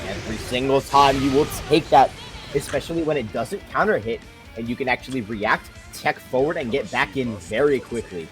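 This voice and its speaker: A man's voice: medium pitch, moderate pace, soft background music. A man commentating a fighting game tournament, breaking down plays with dry jokes, his voice a bit worn out. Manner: analytical, joking. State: tired voice.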